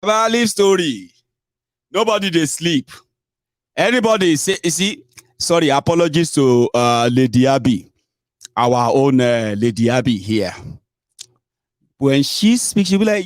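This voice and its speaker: Animated Nigerian host, Pidgin-laced commentary. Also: male voice, medium pitch, a little slow, long pauses, no room sound, clean studio sound. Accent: Nigerian, Yoruba. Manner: animated, mixing Pidgin and Yoruba, stretching words for emphasis. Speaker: online radio host. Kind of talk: political commentary monologue.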